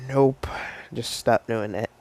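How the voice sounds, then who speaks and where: A man voicing a teenage boy hero who talks in a flat, dismissive way. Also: mid-range voice, takes it slowly, close to an everyday voice.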